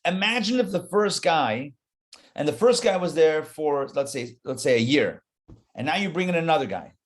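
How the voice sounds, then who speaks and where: A rabbi with a slightly high voice gives a live Torah class at a moderate pace. His manner is animated and conversational, aimed directly at his listeners.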